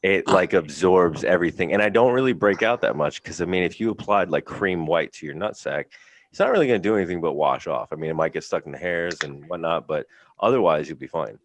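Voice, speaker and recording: A man's voice: low voice, brisk. A man, a special effects makeup artist and haunt actor, chatting and telling jokey stories as a podcast guest. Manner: joking, animated storyteller. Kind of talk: casual podcast chat.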